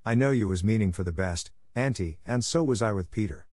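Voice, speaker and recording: A man voicing a mischievous young boy who is quick with innocent-sounding excuses. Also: on the low side, darkish tone, dry recording, clean studio sound, close to an everyday voice. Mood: sly.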